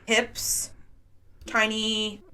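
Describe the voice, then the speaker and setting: A woman co-hosting a podcast, speaking softly in casual chat and reading out fun facts. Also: on the high side, completely flat delivery, very slow, a little hiss or hum. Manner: soft-spoken, reads fun facts aloud. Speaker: podcast co-host.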